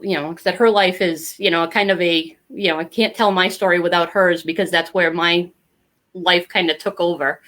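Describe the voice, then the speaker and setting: A woman's voice: on the low side, fairly bright tone. Middle-aged woman chatting on a podcast, talkative and candid, lots of um and you know. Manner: candid, talkative, many fillers. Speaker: podcast guest. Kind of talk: casual interview storytelling.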